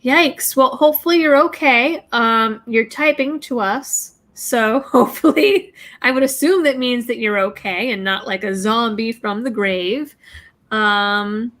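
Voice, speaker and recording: A woman's voice: fairly high pitch, measured pace, fairly bright tone. A woman hosting a casual livestream, chatting bluntly and rambling while reading viewer messages. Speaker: livestream host reading viewer super chats.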